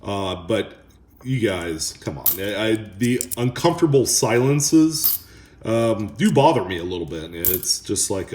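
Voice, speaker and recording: Low-voiced rambling man in echoey room. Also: a little mellow, a little hiss or hum. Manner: rambling, halting, talks to viewers. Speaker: coin roll hunting channel host. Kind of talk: casual chat while sorting coins. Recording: echoey room with coin clinking.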